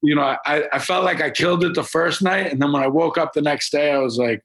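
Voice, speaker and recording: A man's voice: a little high, fairly even intonation, fairly quick, gravelly, few pauses, fairly bright tone, low-quality recording. A man with a Boston accent, a guest talking casually and rambling a little on a video call from home. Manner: laid-back, rambling with fillers. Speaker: podcast guest, rapper and actor. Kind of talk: casual interview chat.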